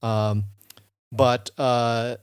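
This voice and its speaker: A man's voice: medium pitch, flat delivery, very slow, clean tone, no room sound. Rambling man, dry close mic. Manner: rambling, many fillers and restarts. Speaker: podcast host. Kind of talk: casual chat.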